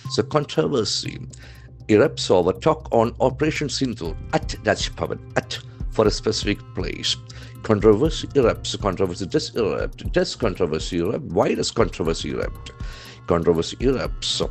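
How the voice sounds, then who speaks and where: A man's voice: lowish voice, very animated, normal speed, soft background music. A man with an Indian English accent giving an English vocabulary lesson from the news, spelling words out letter by letter and repeating each one with heavy stress. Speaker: English trainer.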